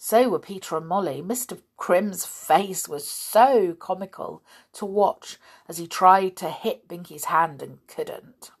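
Slow gentle woman storyteller. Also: on the low side, husky. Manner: gentle, chatty, talks to listeners directly. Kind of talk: reading a children's story aloud.

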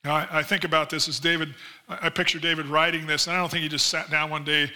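A man preaching a sermon as pastor, in a conversational style with frequent asides, acting out quoted voices animatedly. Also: fast talker. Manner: animated storytelling, acts out quoted voices with big pitch jumps; conversational, many "you know" asides.

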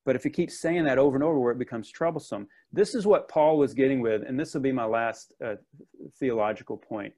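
A man's voice: mid-range voice, fairly quick, mellow. A man preaching a sermon in an earnest, conversational way, with casual asides and restarts.

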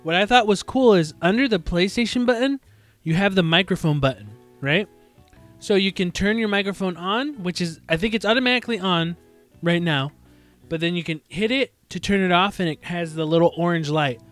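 High-voiced man hosting a casual chat. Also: fairly quick, a bit bright, faint music behind. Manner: loose and swearing, acts out little exchanges. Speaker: podcast host.

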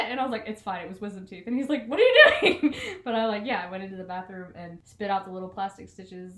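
Young woman, podcast co-host, chatty, laughs often, average pitch, echoey room. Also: a little hiss or hum. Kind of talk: casual storytelling chat.

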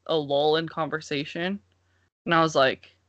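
A woman's voice: deep voice, fairly even intonation, normal speed, dry recording, highs cut off. A woman co-hosting a casual chat, talking chattily with many "like"s. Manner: chatty, uses "like" a lot, warm reactions.

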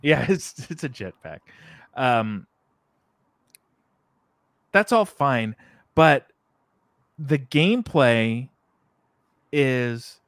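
A man's voice: mid-range voice, lively intonation, very slow, pauses often, a bit bright, no room sound, clean studio sound. A man co-hosting a podcast, chatting casually about video games, rambling with many fillers and self-corrections. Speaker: podcast co-host. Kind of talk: casual video game discussion.

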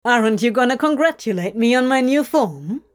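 A woman voicing a theatrical, cheeky male demon who gloats and teases in a booming, drawn-out way. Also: animated. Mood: cheeky teasing. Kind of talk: audiobook fanfic reading.

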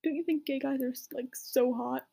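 A woman's voice: high-pitched, steady tone, a little slow, creaky, warm tone. Whispering young woman reading aloud. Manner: whispery, amused asides. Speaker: reader. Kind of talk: whispered reading of a fan story.

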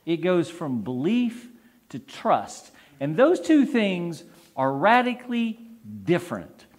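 A male priest preaches a sermon, chatting with his congregation and asking them questions. His voice is slightly higher than most men's and moves a lot in pitch. He takes his time with each phrase. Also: sing-song, slow pace, a little mellow. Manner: conversational, asks the congregation questions.

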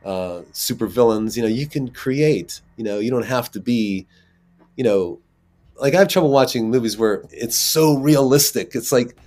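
A man, an actor, chatting as an interview guest and telling lively stories with frequent laughs. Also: medium pitch, moderate pace. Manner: animated storyteller, laughs often. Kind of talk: casual interview chat.

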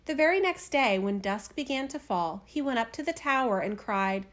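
A woman's voice: a little high, animated, normal speed, hardly any pauses. Woman reading a fairy tale aloud. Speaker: storyteller.

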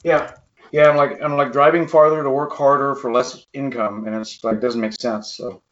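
A man's voice: medium pitch, little pitch movement, normal speed, fairly bright tone. A man co-hosting a podcast in casual chat, swearing freely and goofing around with silly voices. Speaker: podcast co-host. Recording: dull lo-fi sound.

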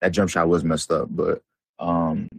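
A man's voice: low-pitched, monotone, unhurried, vocal fry, breathy edge, no room sound. A young man co-hosting a podcast, chatting casually about basketball in a loose, rambling, slangy way with lots of fillers. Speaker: podcast co-host. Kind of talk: casual sports chat.

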